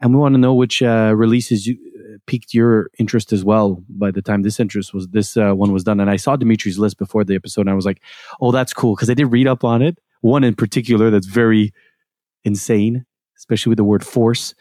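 Male podcast co-host, mellow and warm, loose rambling delivery, dry close mic. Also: fairly low pitch, steady tone, quick pace, no room sound. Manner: loose, rambling with many fillers and restarts. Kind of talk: casual chat.

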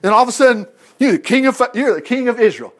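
A man with a high, lively voice leads an informal Bible study. His pitch swings widely as he preaches bluntly and slips into voices to act out the story. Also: fast talker. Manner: blunt, animated, acts out quotes in the voices of others. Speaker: Bible teacher.

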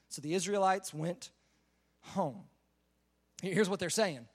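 Animated and high-voiced, a young man preaches at a normal speed in a relaxed, chatty style. He works through a Bible story with frequent uses of "like."

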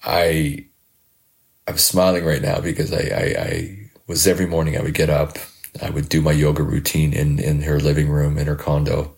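A middle-aged man, a podcast host and life coach, reflecting in a halting, heartfelt monologue that often repeats words. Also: rumbling low, gravelly, a little mellow.

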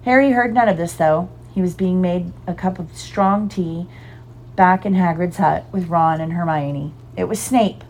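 Expressive woman reading a storybook. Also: fairly low pitch, a little slow, slight background noise. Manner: animated, expressive. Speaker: reader.

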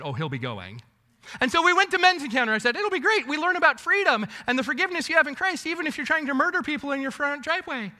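Animated high-voiced preacher in an echoey hall. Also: male voice. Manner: animated storyteller, swinging from loud bursts to hushed asides. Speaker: pastor. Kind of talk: sermon.

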